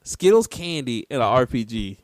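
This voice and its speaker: A man co-hosting a casual podcast about games, laughing often and talking in lively slang. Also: mid-range voice, normal speed, no echo. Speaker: podcast co-host.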